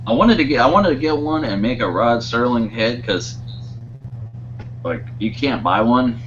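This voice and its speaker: A man's voice: medium pitch, animated, normal speed, lo-fi sound, slight background noise. A man co-hosting a podcast in casual chat, meandering through his thoughts and losing his train of thought. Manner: meandering, wanders off mid-thought. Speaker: podcast co-host.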